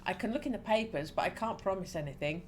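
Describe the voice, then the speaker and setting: A woman's voice: medium pitch, lively intonation, fast, slight background noise, close to an everyday voice. A woman voicing a kind, obliging female record shop assistant in a game read aloud, polite and helpful.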